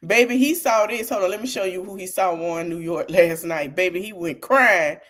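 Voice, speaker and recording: A woman hosting a podcast, talking to her audience in an animated, casual way about politics and laughing often. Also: lowish voice, a little slow. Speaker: podcast host.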